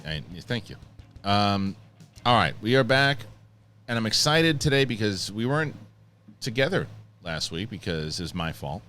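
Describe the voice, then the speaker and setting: A man's voice: on the low side, sing-song, moderate pace, pushed and bright, faint music behind. A middle-aged man hosting a podcast in casual chat, joking and sarcastic. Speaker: podcast host.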